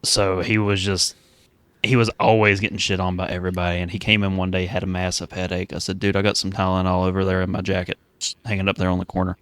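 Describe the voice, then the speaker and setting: Young male co-host with a low voice, deadpan storyteller, dry close sound. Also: fast talker, clean tone, no echo. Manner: deadpan storyteller who breaks into shouts and laughter. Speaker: podcast co-host. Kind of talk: casual chat, storytelling.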